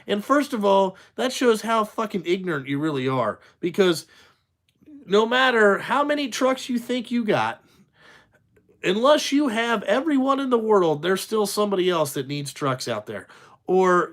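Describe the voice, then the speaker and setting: A man's voice: sits high, fairly bright tone. A man who drives trucks, ranting casually for his channel, blunt and profane, full of fillers and "you know what I'm saying?". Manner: talks in loose run-on asides, asks "you know what I'm saying?".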